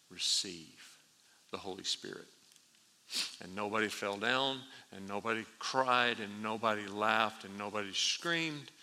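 Male pastor, bright tense tone, animated storyteller, long hall reverb. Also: lowish voice. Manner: animated storyteller, laughs at his own story. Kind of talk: sermon with storytelling.

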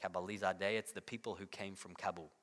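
Bright-voiced male preacher in a reverberant hall. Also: low-pitched, steady tone, fast talker. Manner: conversational, repeats words, frequent "right?". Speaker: pastor. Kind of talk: sermon.

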